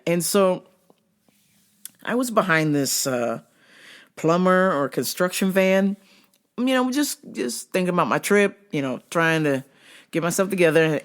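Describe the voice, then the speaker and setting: A woman hosting her show, telling a story casually with swearing and acted-out voices. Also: sits low. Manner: animated, swears freely, acts out voices. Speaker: show host.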